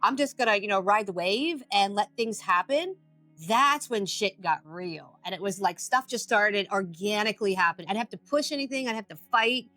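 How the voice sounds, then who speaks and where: A woman guest on a podcast, an addiction recovery expert, telling stories in a casual, animated way, acting out her own thoughts and swearing freely. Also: mid-range voice, brisk, faint music behind.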